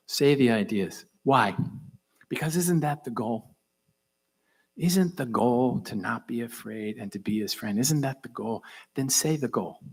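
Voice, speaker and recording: An older man telling a tense personal story on a conference stage, intense and dropping into hushed whispers for emphasis. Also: medium pitch, breathy edge. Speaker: conference speaker. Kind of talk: dramatic keynote storytelling.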